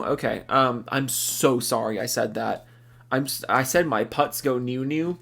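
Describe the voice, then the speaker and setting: A young man reading viewer names aloud on a livestream, rapid and goofy, jumping into silly voices. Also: medium pitch, vocal fry, a bit bright. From Seattle. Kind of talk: fast comedic livestream read-out.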